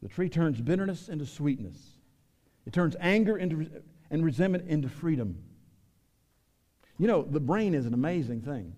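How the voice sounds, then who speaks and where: A pastor preaching a sermon, swinging between loud emphatic lines and low quiet asides. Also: male voice, lively intonation, moderate pace, pauses often, long reverb tail. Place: church sanctuary.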